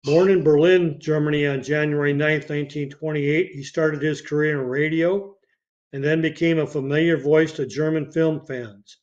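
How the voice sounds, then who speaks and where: A man with a slightly high voice hosts a podcast and reads through obituaries and film credits at a steady pace. He sometimes stumbles and restarts a phrase. The audio sounds dull and lo-fi. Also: moderate pace. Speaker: podcast host.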